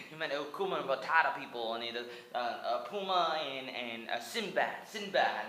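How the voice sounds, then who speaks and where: In a comic, meandering retelling of an animated movie, a US speaker in their 20s stammers, restarts, leans heavily on "like," and breaks into song. Their medium-pitched voice is bright and forceful with lively intonation and moderate pace, captured in poor audio with an echoey room.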